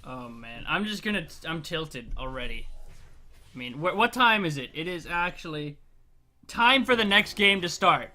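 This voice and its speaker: Male esports caster, very bright tone, lively swinging pitch, excitable, laughing, swearing. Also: normal speed. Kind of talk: casual esports commentary.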